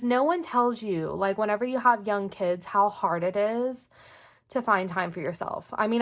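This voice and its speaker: At her home desk, a young mom who runs a planner vlog chats casually in a mid-range, slightly bright voice. She rambles, leaning heavily on "like" as a filler.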